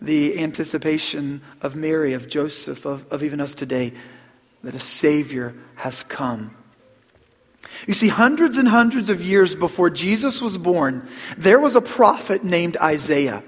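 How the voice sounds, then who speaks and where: A middle-aged man preaching a Christmas sermon as pastor, earnest, repeating words and dropping to a hush on key phrases. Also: fairly high pitch, expressive, a little slow, husky. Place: church sanctuary. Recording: long hall reverb.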